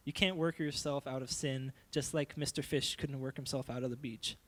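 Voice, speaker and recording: A young man giving a playful, animated youth sermon, acting out silly voices as he goes. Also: medium pitch, moderate pace. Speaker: youth pastor.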